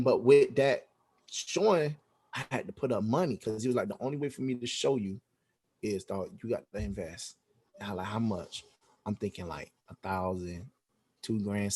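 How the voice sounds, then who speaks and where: A husky, low-leaning male voice belongs to a podcast guest sharing a story during a relaxed interview. He animatedly plays out the dialogue, peppering it with slang and swear words.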